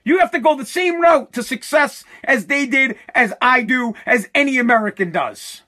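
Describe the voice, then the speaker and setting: A man delivering a heated, profane political rant, animated and mocking. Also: extremely high pitch, moderate pace.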